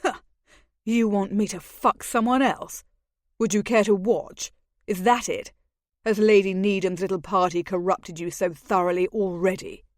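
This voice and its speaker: A woman's voice: mid-range voice, fairly even intonation, measured pace, no room sound, studio quality, close to an everyday voice. Woman voicing a bitter masked nobleman. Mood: sneering. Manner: curt, sneering and passionate. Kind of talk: audiobook character voice.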